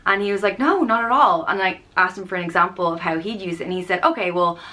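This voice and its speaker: A woman's voice: fairly low pitch, flat delivery, quick pace, bright, forceful tone. An Irish woman in her thirties, chatting casually and explaining phrases with lots of ums and playful example lines. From Ireland. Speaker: vlogger.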